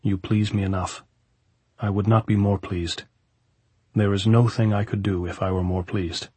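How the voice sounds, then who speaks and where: A man with a husky voice reading the part of a calm, tender young soldier in an audiobook, in measured, old-fashioned speech. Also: lowish voice, no room sound.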